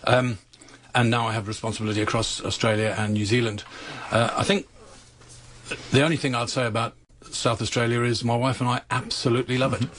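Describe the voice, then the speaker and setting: A middle-aged man from Zimbabwe, a company chief telling his story in a measured, wry way in a casual radio chat. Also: medium pitch, flat delivery, a bit bright, slight background noise. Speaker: company CEO.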